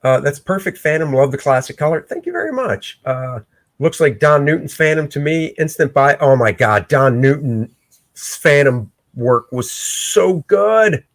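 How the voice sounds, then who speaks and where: An excitable man talks through his comic pencils on a casual livestream, now and then bursting into shouts. His voice sits a little high and leaps widely up and down. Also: unhurried. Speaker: comic artist and show host. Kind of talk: casual livestream art commentary.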